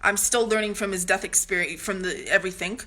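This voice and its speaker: A woman's voice: mid-range voice, fairly quick, sharp tone. Blunt, profane woman ranting to camera. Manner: ranting with frequent restarts. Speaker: vlogger.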